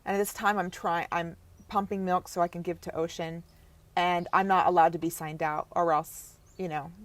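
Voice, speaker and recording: A young adult woman, a podcast guest, telling a painful personal story in a halting way, often breaking off and dropping her voice low. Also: steady tone, no echo. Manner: halting, breaks off and restarts, voice drops to near whisper at times.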